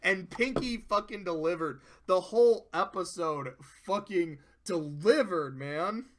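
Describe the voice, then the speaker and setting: A man talking casually as he reviews cartoon episodes, excited, swearing a lot and breaking into laughter. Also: sits high, a little slow. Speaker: video reviewer. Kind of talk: casual commentary.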